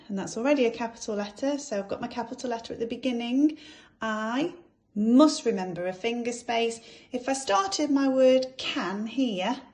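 A woman teaching young children phonics, slowly sounding out each letter sound. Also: a little high, darkish tone. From England. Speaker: infant school teacher.

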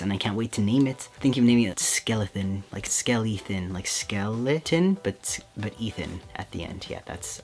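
A vlogger from Quebec, softly and sentimentally chatting to camera while opening mail at home. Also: medium pitch. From Quebec, Canada. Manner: soft-spoken, sentimental, often says "heckin'". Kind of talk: casual unboxing chat to camera. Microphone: camera mic with ring light.

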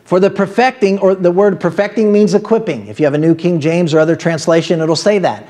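A man's voice: fairly high pitch, fast, mellow. A man with an Ohio accent preaching a sermon as pastor, talking in a conversational way with asides and laughs.

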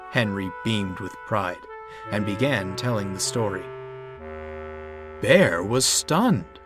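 A man narrating a storybook in a measured, expressive reading. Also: on the low side, no echo. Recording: narration over clear music.

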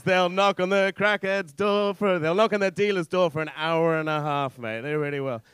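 A man's voice: sits high, moderate pace, hardly any pauses, fairly bright tone, clean tone, no room sound. A young man performing a stand-up set on a comedy club stage, rambling and self-deprecating, swearing a lot between fillers.

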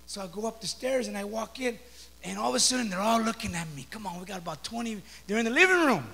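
A man preaches a sermon in a high, gravelly, slightly husky voice, repeating words as he tells a story and rising into shouts. The sound carries a long reverb from a church hall. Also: expressive, fast. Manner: storytelling preacher, stammering restarts, builds to shouting. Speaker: pastor. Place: church sanctuary.

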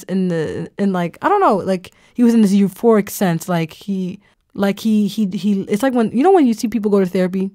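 A woman's voice: mid-range voice, dark tone, no room sound, studio quality. Woman telling a personal story, casual and reflective. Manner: casual, reflective, many fillers like "you know" and "like". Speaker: podcast host.

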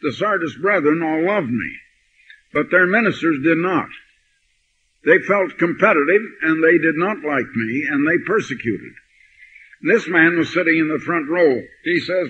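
Older preacher on dull old tape. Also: male voice, a little high, animated, bright, forceful tone, a little hiss or hum. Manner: anecdotal, slow emphatic scripture reading. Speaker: pastor. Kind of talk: sermon. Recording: dull lo-fi archive sermon recording.

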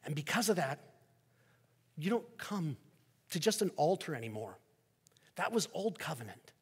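Male preacher, husky tone, dramatic loud-soft delivery, echoing church sanctuary. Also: on the high side, very animated, normal speed. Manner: dramatic swings between loud emphasis and soft hushed endings. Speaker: pastor. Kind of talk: sermon.

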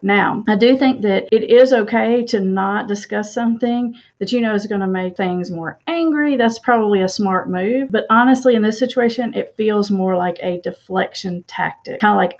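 A woman coach talks through an argument clip in a calm, explanatory, direct way. Her voice sits at an ordinary middle pitch. The audio is slightly dull and lo-fi. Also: normal speed, vocal fry. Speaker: relationship coach. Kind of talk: commentary analyzing an audio clip.

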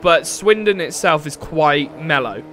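This young gaming streamer from England plays a racing game, engines roaring behind, while casually rambling and answering chat. His voice is slightly high, animated and fairly bright, with an unhurried pace.

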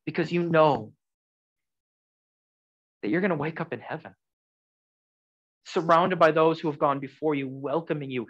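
A man preaching a sermon in an earnest, conversational way, swinging from loud emphasis to soft, quiet lines. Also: fairly high pitch, moderate pace, pauses often, rough recording. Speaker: pastor.

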